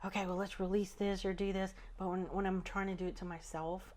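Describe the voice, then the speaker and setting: A woman who works as a spiritual healer, talking thoughtfully on a podcast, often trailing off and restarting, with soft laughs. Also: medium pitch, flat delivery, a little fast. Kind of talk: casual podcast conversation.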